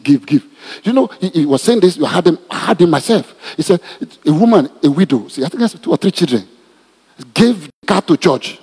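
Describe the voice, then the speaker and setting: Male pastor, animated sermon delivery, husky tone, reverberant church. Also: fairly high pitch. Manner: animated preaching with laughs and repetitions. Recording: reverberant hall.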